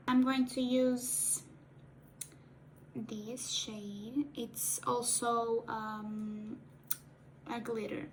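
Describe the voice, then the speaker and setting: A woman whose first language is Portuguese chats through her cosplay makeup in a slow, unhurried way. Her voice sits a little high. She rambles, restarts her sentences, and slips into quiet murmured asides, with a faint hiss of room noise behind her. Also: flat delivery, low-quality recording. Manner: rambling, restarts often, drops into soft asides. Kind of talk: casual chat while doing makeup.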